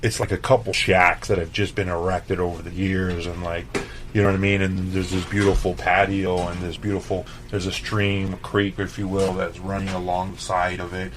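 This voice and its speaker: A man with a fairly low voice tells a rambling, animated story about a kitchen job. He swears casually, acts out other people's lines, and keeps checking in with his listener. A faint noise floor sits under the recording. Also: moderate pace. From El Paso, Texas. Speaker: chef guest.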